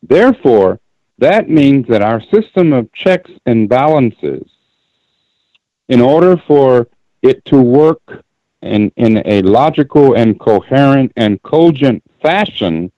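A man calling in to a radio show, making his point deliberately and emphatically and repeating key phrases. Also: medium pitch, very animated, no room sound. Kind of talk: call-in radio commentary. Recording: dull lo-fi call audio.

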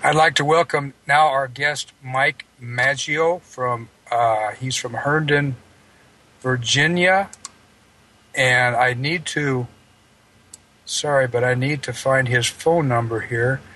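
A man hosting a live radio show, introducing a guest in a halting, rambling way. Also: medium pitch, sharp tone, poor audio. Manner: halting, rambling, full of fillers and restarts.

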